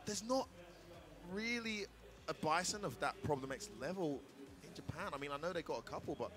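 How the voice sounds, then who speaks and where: A man's voice: a little high, expressive, a little fast, crowd noise. A man doing casual live esports commentary, full of cheeky, joking banter with his co-caster.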